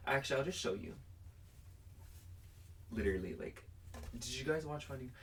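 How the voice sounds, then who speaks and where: A man's voice: mid-range voice, expressive, normal speed, recorded from a distance, slight background noise. A young man chatting casually through a pick-a-card tarot reading to camera, rambling and filling his talk with "like". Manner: chatty and rambling, heavy use of "like". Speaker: tarot reader.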